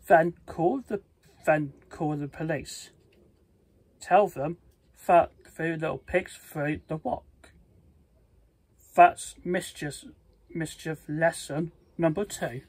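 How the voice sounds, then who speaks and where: A storybook reader voicing a scheming father wolf in a husky, breathy voice, with slow plain reading and small restarts. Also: medium pitch, a little mellow, no echo. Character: scheming male wolf father, bad-natured.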